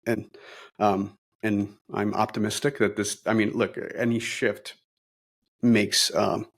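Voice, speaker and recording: Low gravelly man in a casual interview. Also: slow. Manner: energetic, optimistic, many fillers and restarts. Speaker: brokerage leader, interview guest.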